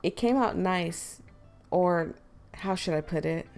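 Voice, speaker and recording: A dry, socially awkward teen boy from a visual novel speaks in a lowered, flat voice, as a woman acts him out. His delivery is slow and gravelly. Faint music runs underneath.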